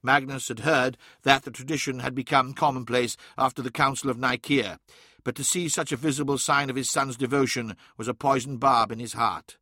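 A man narrating a dark fantasy audiobook in a dramatic, scripted style, swelling on the action and dropping low on the grief. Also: steady tone, fairly quick, no echo, clean studio sound.

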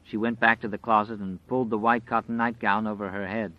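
A man narrating an audiobook in a dramatic, measured storytelling style. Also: fairly low pitch, flat delivery. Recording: dry, slightly dull audio.

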